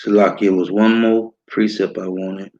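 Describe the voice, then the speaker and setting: A man with an American accent teaching scripture, reading verses slowly and often ending with "man.". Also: low voice, level tone, a little mellow. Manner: reads verses slowly, repeats "man" as a tag. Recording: dull lo-fi sound.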